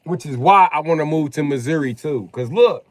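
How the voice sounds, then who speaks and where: A man's voice: a little high, animated, fairly quick, no room sound. A man streaming gameplay, chatting casually and rambling with lots of profanity. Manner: profane, rambling, tosses in "you know what I mean".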